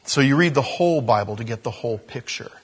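Husky-voiced man preaching conversationally. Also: medium pitch, expressive, quick pace. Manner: conversational preaching with asides and self-interruptions. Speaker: pastor. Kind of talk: sermon.

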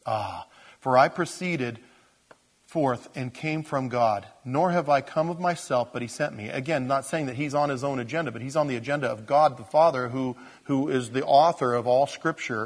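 A man, a pastor, preaching an expository sermon, swinging from loud emphasis to quiet asides. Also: mid-range voice.

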